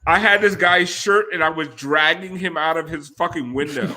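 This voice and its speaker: A man's voice: fairly high pitch, normal speed, pushed and bright. A man telling a rowdy, profane story on a casual chat show, laughing often.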